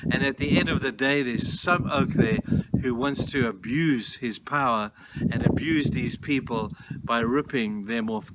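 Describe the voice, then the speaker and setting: Male pastor, mid-pitched, emphatic sermon delivery, background noise on the track. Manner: earnest, emphatic preaching, urging listeners. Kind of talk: devotional sermon. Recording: noisy recording.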